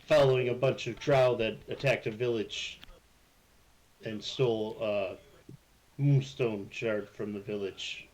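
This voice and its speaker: A man voicing an earnest male minotaur-like construct adventurer, speaking hesitantly with many pauses. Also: lowish voice, fairly even intonation, darkish tone, close to an everyday voice, low-quality recording. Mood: polite. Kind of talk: live-streamed tabletop role-play.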